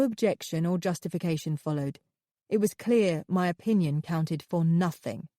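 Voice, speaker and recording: Woman audiobook narrator, low mellow voice, steady measured storytelling, dry close sound. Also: no echo. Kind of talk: scripted first-person narration.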